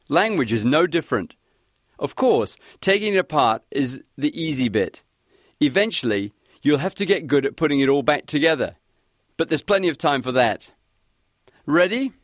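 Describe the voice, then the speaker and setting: A man hosting a scripted language lesson, guiding listeners clearly and encouragingly. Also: medium pitch, no room sound, studio quality. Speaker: language teacher host.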